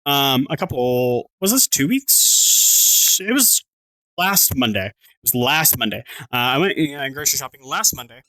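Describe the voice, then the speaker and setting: A man's voice: mid-range voice, animated, normal speed, bright, forceful tone, no echo. A man from Southern Pennsylvania chatting casually on a livestream at home. He restarts his sentences, swears casually and thanks his viewers.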